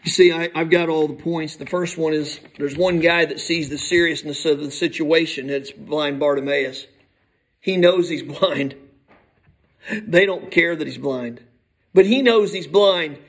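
Male preacher, high voice, emphatic sermon delivery, soft to shouting. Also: a little slow, rough recording.

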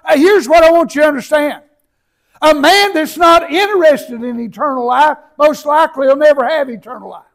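A man preaching a sermon, reading scripture aloud slowly and breaking into shouts for emphasis, with many repeated words and filler sounds. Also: very high voice, creaky, rough recording.

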